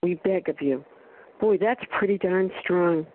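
A woman's voice: lowish voice, measured pace. A woman sharing at a recovery meeting, speaking emphatically and stressing single words. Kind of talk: personal share at a phone recovery meeting. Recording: tinny phone line.

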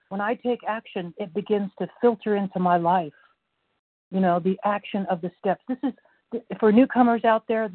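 A woman's voice: mid-range voice, slightly rough, dry recording. A woman giving an earnest, reflective share at a recovery meeting, growing fervent as she goes. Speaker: meeting member sharing. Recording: tinny phone line, dry.

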